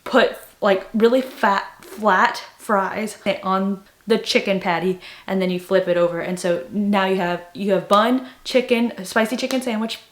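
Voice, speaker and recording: A woman's voice: mid-range voice, unhurried, hardly any pauses. A young woman chatting casually in a vlog, rambling with lots of filler words. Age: young adult. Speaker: booktuber. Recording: echoey room.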